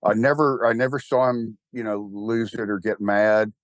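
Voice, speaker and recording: An older man with a Texan drawl tells stories in a loose, rambling way, with wry, self-deprecating humor and bursts of animation. His voice sits at a middling pitch. It sounds close and dry, with no room echo. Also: fairly even intonation, moderate pace. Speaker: interview guest, church founder. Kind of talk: casual conversational interview.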